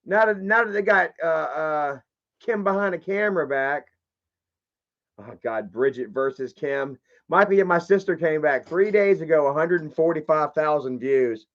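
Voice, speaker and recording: A man talks loosely on a live stream, his voice sitting a bit high. He rambles, jokes and swears. The sound is muffled and lo-fi. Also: expressive, a little slow, fairly bright tone. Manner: rambling, profane and jokey. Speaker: live streamer opening fan mail. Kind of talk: casual live-stream chat.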